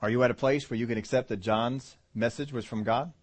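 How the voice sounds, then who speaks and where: A man preaching a sermon, with lively delivery and rhetorical questions to the congregation. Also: mid-range voice, fairly quick. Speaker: pastor.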